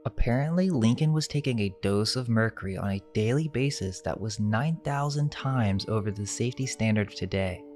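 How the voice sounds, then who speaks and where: A man reading a scripted narration in a measured, suggestive way, full of rhetorical questions. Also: lowish voice, darkish tone, faint music behind. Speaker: narrator of a conspiracy video.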